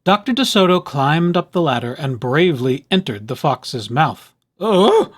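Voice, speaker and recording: A man reading a children's picture book aloud with expressive, animated storytelling. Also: fairly high pitch, normal speed.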